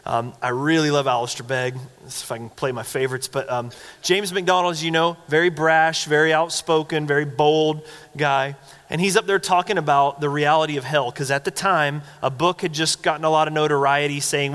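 A man's voice: a little high, a little fast, a bit bright. A man pastor giving a sermon, telling stories in a conversational, earnest and reflective manner. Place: church sanctuary. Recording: long church hall reverb.

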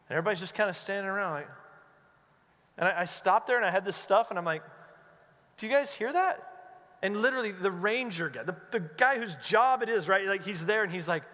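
A man preaching a sermon as pastor, an animated storyteller who acts out the voices he quotes. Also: high-pitched, long reverb tail.

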